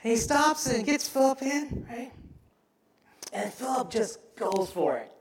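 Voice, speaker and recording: A man preaching a sermon as pastor, telling the story with animated acted-out voices and frequent asides to the congregation. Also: very high voice, measured pace, roomy sound, a little hiss or hum.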